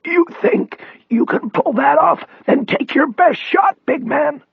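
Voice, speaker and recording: A man voicing a paralyzed older male ex-cop with a raspy, straining voice, crying out high and strained. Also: animated, measured pace, no room sound, narrow, tinny audio, heavily acted. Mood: defiant. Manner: high strained cries and shouts.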